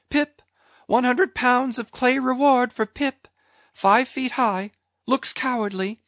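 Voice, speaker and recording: Woman doing a crazed little cabin boy, singsong high calls, slow, dull dry old recording. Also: fairly bright tone, no room sound. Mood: frantic. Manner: sing-song crying out, rising to high calls. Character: crazed young cabin boy, lost and frightened. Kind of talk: radio play acting.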